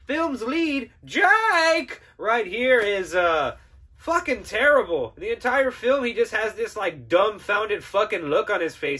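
High, bright-voiced ranting man. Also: slow, breathy edge. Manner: profane, excitable, sarcastic, laughs often. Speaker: podcast host. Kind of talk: casual film review rant.

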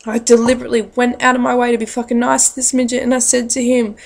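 A woman's voice: a little high, little pitch movement, fast, vocal fry. A woman telling a rambling, profane story to camera in a blunt, casual way. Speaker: parent.

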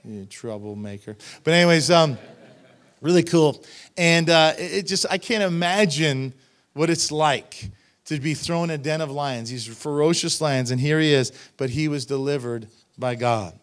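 A middle-aged man preaching to a congregation, his voice sitting a little on the high side. He reads scripture verse by verse and breaks off into emphatic, chatty asides to the people in front of him. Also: moderate pace. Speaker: pastor. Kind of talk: expository sermon reading scripture with commentary. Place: church sanctuary.

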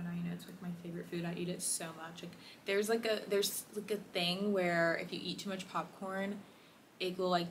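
A woman's voice: fairly low pitch, a bit bright. Young woman vlogger, chatty and rambling, faint room hum behind. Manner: chatty, rambling, laughing often. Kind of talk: casual vlog chat. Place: home, indoors. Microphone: phone or camera held close. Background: air conditioner hum.

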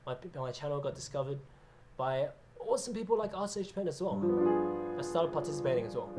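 A man's voice: fairly high pitch, animated, fairly quick. A man hosting a casual piano livestream, chatting loosely, reading out viewer names and laughing often. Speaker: livestream host and pianist.

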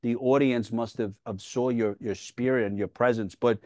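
A man's voice: medium pitch, steady tone, moderate pace, mellow, no room sound. A man hosting a faith podcast, affirming and relatable, with a touch of self-deprecating humor. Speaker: podcast host. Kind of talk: conversational interview.

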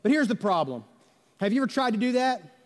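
A man's voice: high-pitched, big pitch swings, fast. A male pastor, preaching a conversational sermon full of rhetorical questions and quoted voices. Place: church sanctuary. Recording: reverberant church sanctuary.

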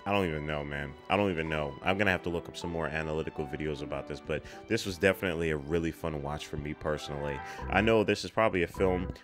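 Excitable young man reacting to a film. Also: very deep voice, fast, few pauses, music in the background. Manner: excitable, loud outbursts, laughs often. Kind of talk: casual reaction commentary.

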